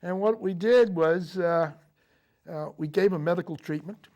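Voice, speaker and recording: An older man, a Marine veteran, recounting his memories in a TV interview, speaking haltingly with frequent fillers and restarts. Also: sits high, a little mellow. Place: local TV studio.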